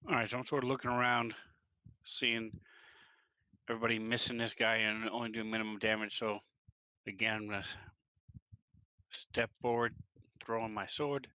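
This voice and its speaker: Quick-talking man describing his turn. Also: lowish voice, little pitch movement, pushed and bright, clear, resonant tone, dry recording, rough recording. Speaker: player. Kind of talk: casual tabletop play.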